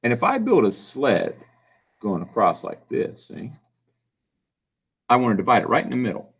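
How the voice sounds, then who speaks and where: Lively, patient man teaching phonics. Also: mid-range voice, slightly rough. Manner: patient, sounds out words slowly and stretches syllables. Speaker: reading tutor. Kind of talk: phonics lesson for children.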